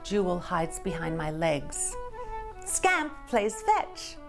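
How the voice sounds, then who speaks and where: A woman reading a children's picture book aloud in an expressive storytelling voice, dropping into whispers and rising to excited cries. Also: fairly low pitch, slow, vocal fry, music in the background. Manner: animated, dips into whispers and rises to excited cries. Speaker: storybook reader.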